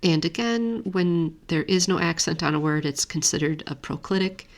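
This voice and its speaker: A woman with a low voice teaches a grammar lesson. She explains each point in a steady, methodical way, and her voice has a gravelly edge. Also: moderate pace. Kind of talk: screen-share lesson walkthrough.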